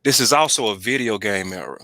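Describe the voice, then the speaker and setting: A man's voice: fairly low pitch, brisk, sharp tone, dry recording. A man hosting a casual sports podcast chat, talking emphatically and repeating his points for stress. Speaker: podcast host.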